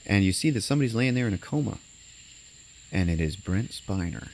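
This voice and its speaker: A man's voice: on the low side, expressive, fairly quick, creaky. A man casually recapping a movie on a podcast, rambling with lots of fillers and acting out lines. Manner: rambling, many fillers, acts out quotes.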